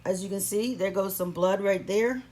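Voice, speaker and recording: A woman's voice: mid-range voice, normal speed, warm tone, slight background noise. A woman talking through a how-to vlog in a playful, sassy, chatty way, recording herself at home on a camera stand. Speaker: vlogger.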